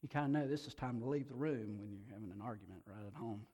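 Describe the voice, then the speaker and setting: A man preaching a sermon to a congregation, animated, often repeating words and swinging between soft and loud delivery. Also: medium pitch, fast, breathy edge, highs cut off. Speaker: pastor.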